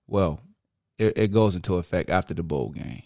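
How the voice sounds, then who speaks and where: Laid-back low-voiced podcast host man. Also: normal speed, a little mellow, dry recording, clean studio sound. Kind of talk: casual solo podcast talk. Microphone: studio podcast mic.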